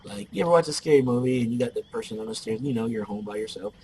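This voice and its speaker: A man's voice: medium pitch, expressive, rapid-fire, warm tone, poor audio. A man chatting over his gameplay in an easy, rambling way, drifting into jokey stories. His voice sits in a plain mid range, with a faint hum of ambient noise behind him. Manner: rambling, joking storyteller. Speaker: gameplay commentator. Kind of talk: casual gameplay commentary.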